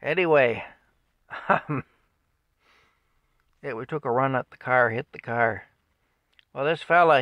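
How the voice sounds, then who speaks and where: A man's voice: mid-range voice, measured pace, pauses often, a bit bright, no echo. A man casually telling a rambling story at home, with chuckles and fillers. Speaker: vlogger telling stories.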